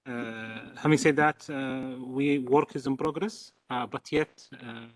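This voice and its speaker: Representing the host country, a Saudi man with a Saudi accent, whose native language is Arabic, gives a formal statement full of hesitations, fillers, and repetitions. His voice is medium-pitched and fairly even in intonation.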